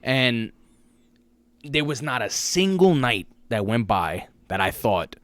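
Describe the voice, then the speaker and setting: A twenty-something man chats on a podcast, slangy and animated, slipping into other people's voices as he tells a story. His voice sits in an ordinary middle pitch. The sound is close and dry, with no room around it. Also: slow, dry recording. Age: 20s. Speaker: podcast co-host. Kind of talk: casual chat.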